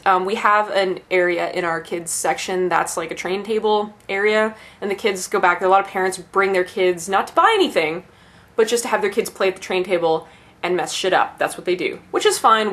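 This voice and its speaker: A woman's voice: mid-range voice, a little fast, a bit bright. Brief: young woman, bookstore worker, loose profane rant with laughing asides. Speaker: bookstore employee. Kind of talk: casual ranting vlog.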